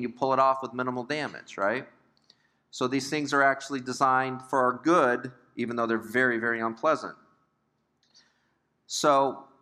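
Brief: older male Bible teacher, chatty and questioning, crisp bright tone. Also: medium pitch. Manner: conversational, asks the class questions, joking asides.

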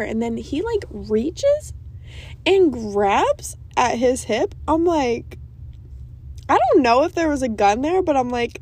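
A young woman telling a travel story in casual chat, animated, quoting people in lively voices and laughing along. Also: fairly high pitch, moderate pace.

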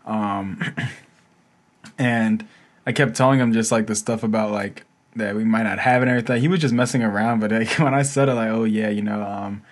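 A young man in casual chat who laughs often and mimics people in high voices. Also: fairly even intonation, moderate pace.

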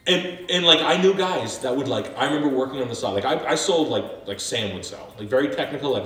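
A man in his thirties co-hosting a podcast, telling stories in a casual chat, animated and profane, often acting out salesmen. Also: medium pitch, brisk, few pauses. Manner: animated storyteller, lots of swearing, acts out salesmen. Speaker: podcast co-host. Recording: echoey room, mic at a distance, faint music.

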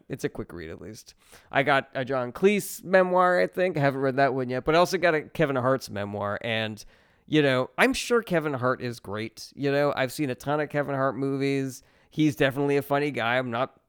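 A man's voice: medium pitch, smooth. A man who is a stand-up comedian hosting a podcast, rambling through a profane, self-mocking casual monologue.

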